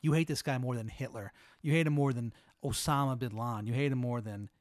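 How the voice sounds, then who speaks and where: A man's voice: mid-range voice, fast talker, dry recording. A man hosting a podcast, spinning a long improvised hypothetical in a laid-back, rambling way full of "like". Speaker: host.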